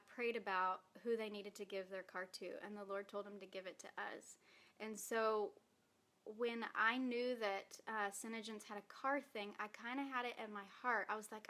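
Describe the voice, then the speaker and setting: A woman's voice: medium pitch, sharp tone. A woman giving an earnest, emotional personal testimony in a vlog, reading from her own post while holding back tears. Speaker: direct sales distributor.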